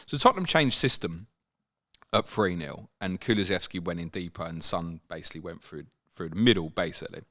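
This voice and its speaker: A man hosting a casual football chat, animated and swinging up high when he mimics players. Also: brisk. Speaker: football podcast host.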